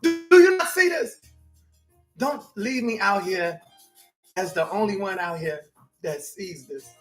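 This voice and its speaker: A man preaching a motivational sermon as a life coach, swinging between shouting and quiet, repeating himself. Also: high-pitched, animated, unhurried, soft background music. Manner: preachy, shifts between shouting and hushed, repetitive. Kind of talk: sermon-style motivational talk.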